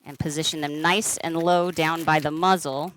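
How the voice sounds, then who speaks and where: A woman twists balloons on a live stream, chatting casually, greeting and thanking viewers by name, and rambling with fillers and restarts. Her voice is deep and fairly bright, with fairly even intonation at normal speed, and there's a little hiss or hum.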